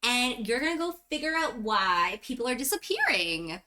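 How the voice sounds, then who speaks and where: A woman's voice: fairly high pitch, sing-song, normal speed, bright, forceful tone. A woman voicing a cocky, chatty male dwarf armorer who talks in a breezy, teasing, laid-back way.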